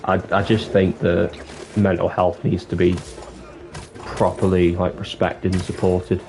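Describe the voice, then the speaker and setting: Rambling man, low voice. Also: little pitch movement, a little slow, warm tone, slight background noise. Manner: candid, rambling, sweary. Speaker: live streamer. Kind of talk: casual livestream chat. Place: dark room with the light off. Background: music.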